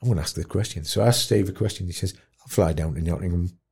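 A man telling a moving story in an interview, acting out other people's voices and dropping to a hush at tender moments. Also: low-pitched, fast talker, creaky, husky. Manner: animated storyteller, acts out voices, drops to quiet. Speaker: guest, dementia campaigner. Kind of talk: storytelling in conversation.

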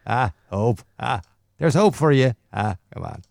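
A man putting on the voice of a genial older male radio presenter, with lilting, drawn-out greetings. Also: mid-range voice, expressive, vocal fry, a little mellow, dry recording, studio quality. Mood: fond teasing.

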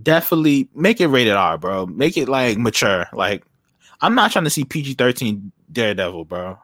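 A man's voice: medium pitch, big pitch swings, normal speed, fairly bright tone, dry recording, clean studio sound. A man co-hosting a podcast, talking in casual, profane, slangy banter. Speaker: podcast co-host.

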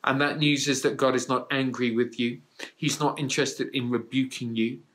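Bright-voiced man preaching a sermon. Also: medium pitch, fairly even intonation, normal speed. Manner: earnest, encouraging, rises and drops for emphasis. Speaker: pastor.

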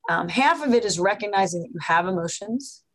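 A New York physician, a woman, explains things animatedly as a guest in a podcast interview, using examples and quotes. Her voice is medium-pitched and a little fast, and the audio is poor.

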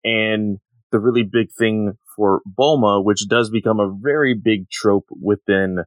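A man co-hosting a podcast, recapping a manga chapter in a relaxed way with lots of fillers. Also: lowish voice, measured pace, no echo. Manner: relaxed, many fillers, plays out quotes. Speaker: podcast co-host. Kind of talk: casual manga discussion.

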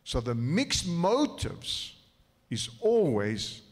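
A man teaching a sermon, slow and emphatic, repeating his key phrases. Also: on the high side, huge pitch swings. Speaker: preacher. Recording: reverberant hall.

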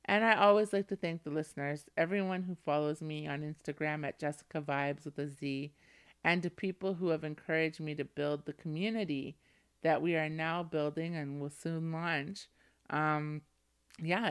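Smooth-voiced woman hosting her podcast. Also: deep voice. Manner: effusive, affirming, full of thanks and shout-outs. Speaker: podcast host. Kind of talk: solo podcast sign-off.

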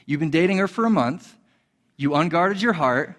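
Animated male pastor preaching in a hall. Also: normal speed. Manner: animated, acts out quoted voices in a higher pitch. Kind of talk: sermon.

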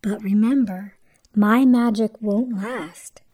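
A woman voicing a kind fairy godmother in a hushed, breathy whispered role-play. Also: mid-range voice, slow. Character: gentle magical fairy godmother, kind and calm.

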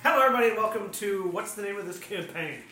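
Bright, playful man hosting. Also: high voice, expressive. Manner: playful, quick quips. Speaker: host and player. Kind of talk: casual podcast chat. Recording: echoey room with faint noise.

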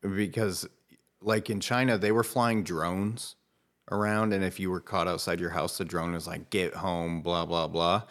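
Very deep-voiced blunt podcast man. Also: steady tone, moderate pace, a bit bright. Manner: blunt, profane, laid-back. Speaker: podcast co-host. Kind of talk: casual chat.

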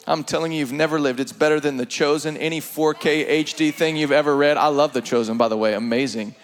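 A man preaching an energetic sermon to a congregation, animated and playful, with laughing asides. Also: fairly high pitch, quick pace.

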